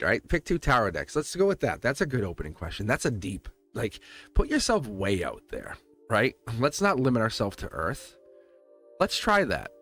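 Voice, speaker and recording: A low-voiced man hosts a live tarot reading and chats loosely with his viewers. He laughs a lot and keeps throwing out rhetorical questions. Faint music plays behind him. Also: a bit bright, no echo. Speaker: tarot reader hosting a live stream. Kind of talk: casual live-stream chat.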